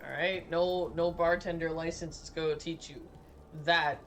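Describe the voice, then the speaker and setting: A woman's voice: sits low, fairly even intonation, unhurried, slight background noise. A young woman streaming a game, chatting casually with crude jokes and laughter. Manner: crude, joking, laughing, tipsy banter. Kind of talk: casual live-stream chat.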